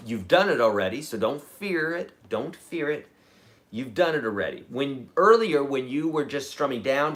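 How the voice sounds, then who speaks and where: A man's voice: medium pitch, noisy background. A man teaching a live-streamed guitar lesson, counting beats aloud and encouraging his viewers. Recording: guitar playing loudly behind the voice.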